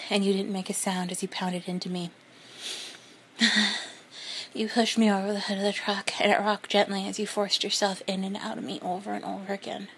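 A woman reading a first-person story in a soft, breathy, unhurried whisper. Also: mid-range voice, slight background noise. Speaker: narrator.

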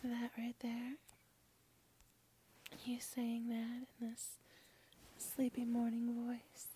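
A woman speaking in a breathy whisper, playing a lover in a whispered role-play with soft murmured hums. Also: fairly high pitch, monotone, slow pace, slight background noise. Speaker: girlfriend in an audio role-play.

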